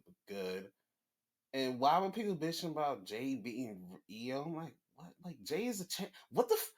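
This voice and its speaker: A man hosting a casual sports podcast, rambling and swearing, often jumping into excited, high-pitched rants. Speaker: podcast host. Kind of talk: casual wrestling chat.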